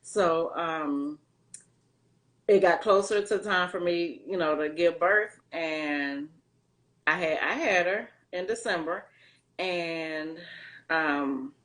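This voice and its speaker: Low-voiced woman telling her story. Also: slow, fairly bright tone. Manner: conversational, loose Southern phrasing, many fillers. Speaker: interview guest. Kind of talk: candid personal storytelling.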